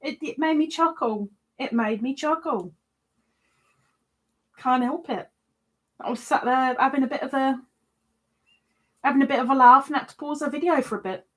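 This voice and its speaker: A woman's voice: sits high, normal speed, pauses often. A woman, hosting a casual live stream from home, chatting while she crochets and reading viewer comments aloud in playful voices. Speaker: live-stream host greeting chat.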